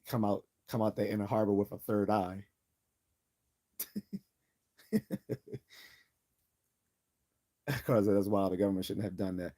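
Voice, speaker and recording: A man's voice: lowish voice, fairly even intonation, measured pace, long pauses, mellow. A man hosting a livestream, rambling casually with lots of profanity and frequent laughter at his own jokes. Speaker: livestream host.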